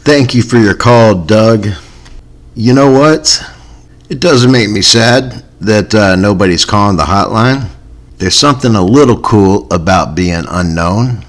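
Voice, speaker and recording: A man hosting a comedy podcast in a low voice, talking slowly and unhurriedly. He rambles with a wry, self-mocking humor and casual asides. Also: fairly bright tone. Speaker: podcast host.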